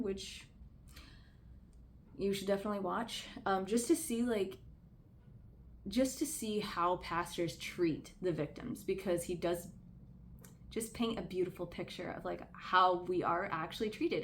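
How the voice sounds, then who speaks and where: A woman's voice: lowish voice, a little slow, long pauses, a little hiss or hum. A woman talking candidly in a casual vlog, earnest and conversational, leaning on "like" a lot. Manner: candid and conversational, heavy use of "like"; earnest, speaks out about personal experience. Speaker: vlogger. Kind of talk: casual commentary to camera.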